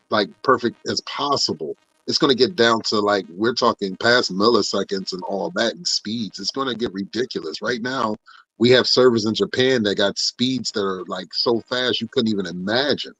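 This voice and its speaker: A man's voice: lowish voice, normal speed, a bit bright, slightly rough. A man on a live-stream call, talking emphatically and repeating his points in casual chat, heard through dull lo-fi audio. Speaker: guest.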